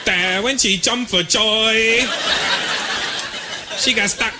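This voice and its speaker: A man's voice: high voice, slow, loud music behind the voice, pitched above the performer's own voice. A man putting on a chirpy comedian. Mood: cheeky. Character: cheeky young male opening comedian. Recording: noisy live stage recording.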